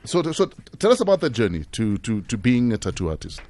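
A man hosting a breakfast radio show, measured, with easy interviewing and short listening sounds. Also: medium pitch, very animated, darkish tone, no echo. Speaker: radio host. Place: radio studio.

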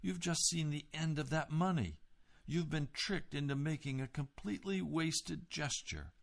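Gravelly blunt cynical guy, man reading it, dismissive. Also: a little high, a little slow, pitched above the performer's own voice. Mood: scornful.

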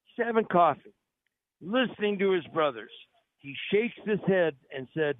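High-voiced upbeat male radio host. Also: very animated, normal speed, no echo. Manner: upbeat salesman-like delivery, jokey. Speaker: radio talk show host. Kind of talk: live radio show with promotional patter. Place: on location at a restaurant. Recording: narrow phone-like radio audio, dry.

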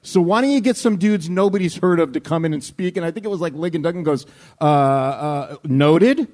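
A man co-hosting a live podcast, telling jokey stories with quick laughs. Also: sits high, a little mellow. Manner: joking storyteller with quick laughs. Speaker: podcast co-host. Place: live show before an audience.

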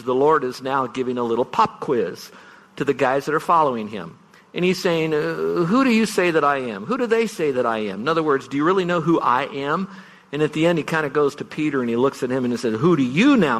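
A man's voice: medium pitch, lively intonation, fairly quick, fairly bright tone. A middle-aged man preaching a farewell sermon as pastor, earnest and storytelling, leaning on single words to stress them. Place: large church sanctuary. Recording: long hall reverb.

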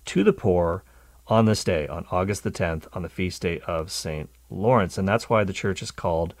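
A low-pitched man hosting a call-in radio program, upbeat and quick to laugh. He talks into a close studio microphone with a dry sound. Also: dry recording. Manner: lively, laughs easily, explains at length. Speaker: radio show host.

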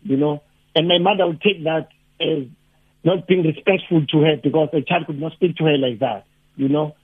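A South African man, a lecturer and activist, talking haltingly with many restarts as a radio guest. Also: fairly high pitch, fairly even intonation, slightly rough. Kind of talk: radio phone-in discussion. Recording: tinny phone line.

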